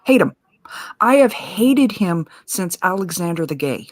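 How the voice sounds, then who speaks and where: A woman's voice: fairly low pitch, sing-song, measured pace, no echo. A woman in a casual live stream chat, blunt and swearing, stumbling over her sentence starts.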